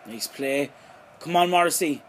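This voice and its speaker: A young Irish man commentating his own video game play, excitable and swearing freely, shouting at big moments. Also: a little high, measured pace. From Ireland. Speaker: gaming YouTuber.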